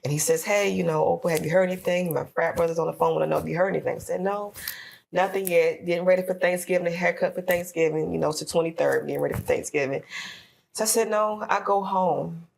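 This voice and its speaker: A woman's voice: lowish voice, steady tone, quick pace, gravelly. A woman from Florida telling an emotional personal story on a podcast, acting out her prayers and what others said. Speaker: podcast guest.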